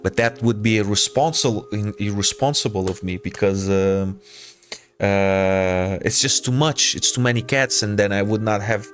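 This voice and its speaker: A man's voice: on the low side, fairly bright tone. A man with a Portuguese accent, a native Portuguese speaker, chatting casually with viewers as a game streamer, repeating himself and calling people brother.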